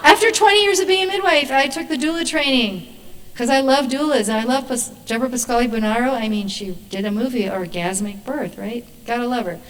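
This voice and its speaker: Midwife lady telling stories on stage, fairly high voice, animated, mic a bit far off. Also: fairly quick, a little hiss or hum. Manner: animated, acts out voices in her stories, laughs. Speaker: midwife giving a talk. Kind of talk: storytelling presentation to an audience. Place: performing arts hall stage.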